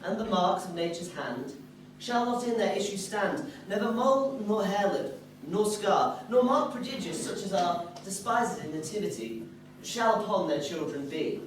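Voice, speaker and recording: An actor playing the commanding fairy king, chanting a measured verse blessing on a live stage. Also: medium pitch, lively intonation, natural voice. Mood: solemn. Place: theatre stage, audience filming. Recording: echoey hall, mic far off, noisy.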